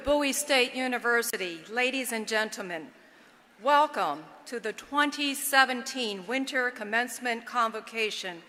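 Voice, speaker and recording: A woman announces and opens a graduation ceremony in a measured, ceremonial manner. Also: a little high, lively intonation, pushed and bright. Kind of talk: formal announcing. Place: large arena. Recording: long echo of a big arena.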